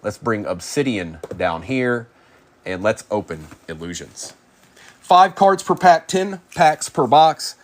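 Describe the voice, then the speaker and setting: A man hosting a live card break, rapidly calling out player names and chatting with viewers by name. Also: medium pitch, big pitch swings.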